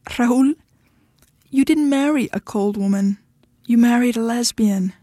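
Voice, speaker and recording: A woman's voice: a little high, measured pace, warm tone, dry recording, studio quality. A woman voicing a tough, blunt woman who is fed up with her husband and speaks firmly. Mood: matter-of-fact. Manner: blunt, firm, impatient.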